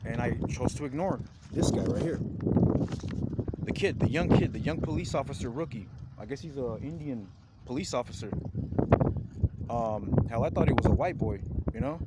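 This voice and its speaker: Indignant man ranting over background noise. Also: mid-range voice. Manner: agitated, indignant, repetitive, swears. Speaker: vlogger filing a complaint. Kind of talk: angry rambling complaint to camera.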